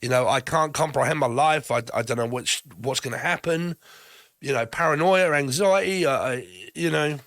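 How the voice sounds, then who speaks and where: A man's voice: a little high, normal speed, a bit bright, no room sound. A man giving a rambling tarot card reading, swearing often and laughing between phrases. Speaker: tarot reader.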